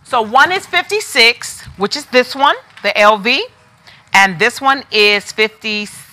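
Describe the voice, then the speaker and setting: A woman's voice: a little high, expressive, unhurried, pushed and bright. A woman hosting a live online sale. She talks in a chatty, familiar way, calls viewers by name and repeats prices eagerly. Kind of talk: live shopping sales pitch.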